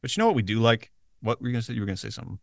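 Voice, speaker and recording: A man's voice: mid-range voice, sing-song, racing, vocal fry, no echo, studio quality. A man co-hosting a podcast in casual chat, joking and poking fun at himself. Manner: joking, self-mocking. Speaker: podcast co-host.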